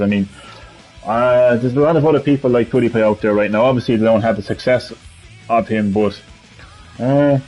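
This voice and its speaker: A man's voice: mid-range voice, normal speed, darkish tone, soft background music, poor audio. An Irish man giving casual, rambling gameplay commentary while answering chat as a streamer. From Ireland. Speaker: gaming streamer.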